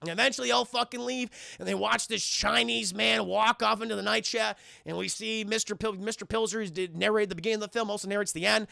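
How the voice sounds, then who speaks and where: A young man streaming a casual, profane spoiler recap, talking excitedly to his chat. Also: high voice, quick pace, gravelly, hardly any pauses, dry recording, clean studio sound. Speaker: streamer and film reviewer.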